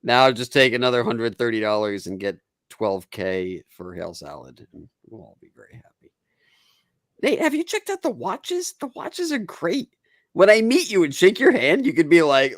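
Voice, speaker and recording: A man's voice: mid-range voice, very animated, normal speed, no room sound, clean studio sound. A man hosting a casual podcast chat, boisterous, laughing often and swearing freely. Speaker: podcast host.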